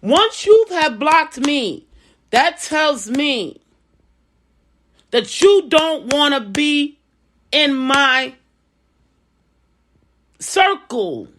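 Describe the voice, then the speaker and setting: A woman's voice: sits high, big pitch swings, very slow, pauses often, fairly bright tone. A woman in a casual vlog, giving life advice in a conversational, preaching way and often repeating phrases. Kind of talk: casual personal talk.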